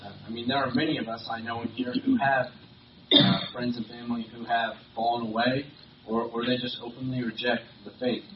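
A man's voice: mid-range voice, expressive, brisk. A man delivering a sermon in a conversational way, with many fillers and restarts. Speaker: preacher. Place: church or meeting hall. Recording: roomy, distant, dull lo-fi recording with faint hiss.

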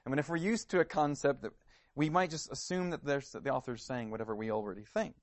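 A man's voice: medium pitch, fast, no room sound. A man preaching a sermon, earnest and questioning, sometimes repeating words as he starts a phrase. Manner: earnest, searching questions, some stammered repeats.

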